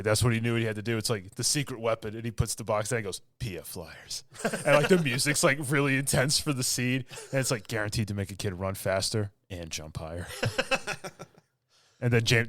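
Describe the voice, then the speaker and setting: A man co-hosting a podcast, chatting casually about movies with a relaxed delivery, quoting lines and laughing often. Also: on the low side, fairly quick, dry recording, clean studio sound. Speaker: podcast co-host.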